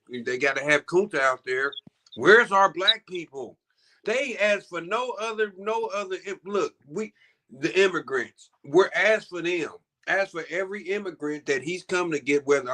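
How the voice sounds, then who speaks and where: A man on a casual podcast discussion, talking in a loud, rambling way. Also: on the high side. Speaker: co-host.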